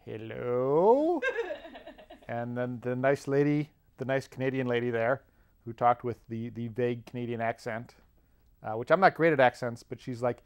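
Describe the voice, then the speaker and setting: At a normal speed and medium pitch, his smooth voice keeps a fairly even intonation. This American podcast host wanders through a humorous story, laughing softly again and again as the anecdotes unfold.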